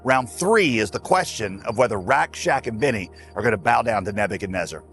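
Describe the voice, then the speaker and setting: A man's voice: lowish voice, expressive, a little fast, fairly bright tone, soft background music. A man preaching a sermon as a pastor, folksy and emphatic, speaking straight to his listeners.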